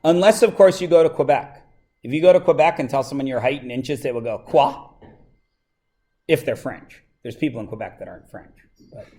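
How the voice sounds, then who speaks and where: A male teacher from Canada speaks in an ordinary, mid-pitched voice. He keeps a high school class engaged with quick questions and light teasing. He is recorded in a classroom. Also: darkish tone. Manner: chatty and joking with the students, asks lots of questions. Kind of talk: classroom lesson.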